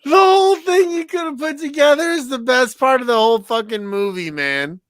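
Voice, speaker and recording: A man co-hosting a podcast in casual chat, excitable, laughing often and swearing freely. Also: very high voice, brisk, no echo. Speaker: podcast co-host.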